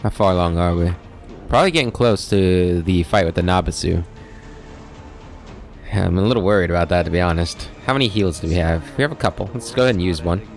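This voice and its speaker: A man's voice: low voice, fairly quick, soft background music. A man hosting a let's play, thinking aloud and reading game text as he plays. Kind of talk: gameplay commentary.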